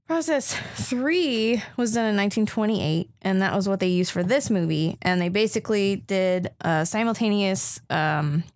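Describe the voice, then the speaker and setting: A woman's voice: mid-range voice, dry recording, studio quality. Hesitant, thoughtful woman on a podcast. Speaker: podcast co-host. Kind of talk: casual film podcast chat.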